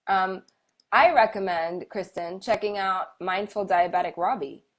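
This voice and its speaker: A woman hosting a casual live stream, chatting warmly and encouragingly with viewers with lots of fillers and restarts. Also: medium pitch, unhurried. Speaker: medical intuitive hosting a live Q&A.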